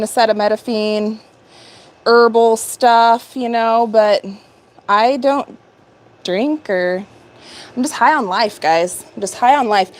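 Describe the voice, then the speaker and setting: A woman in her fifties hosting a casual livestream, chatting upbeat with viewers by name as she works. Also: a little high. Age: 50s. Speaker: livestream host. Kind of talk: casual live chat while working.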